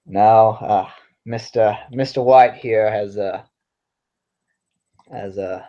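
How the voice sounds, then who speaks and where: A man playing his character in a tabletop game, slow, wistful and reflective. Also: on the low side, fairly even intonation, lo-fi sound. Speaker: player. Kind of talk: in-character role-play.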